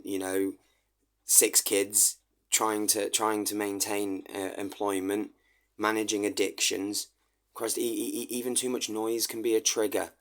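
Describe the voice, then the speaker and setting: A middle-aged man talking earnestly in a personal vlog monologue, halting and restarting often. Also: fairly low pitch. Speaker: vlogger.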